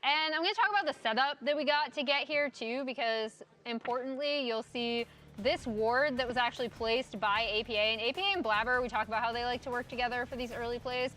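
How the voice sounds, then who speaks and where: Casting: high, bright female desk analyst walking through plays briskly. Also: soft background music. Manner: quick, explanatory walkthrough.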